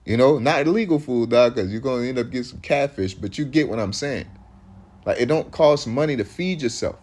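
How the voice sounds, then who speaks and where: A man's voice: a little high, a little mellow. A man, preaching in loose street talk that rambles, restarts often and hits points with emphasis.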